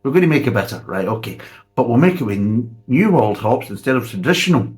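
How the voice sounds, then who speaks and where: A man's voice: medium pitch, sing-song, fast, a little mellow, lightly acted. A man putting on the voice of a smug, overeager trendy male brewer who gushes and congratulates himself. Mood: gushing. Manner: gushing, self-congratulating.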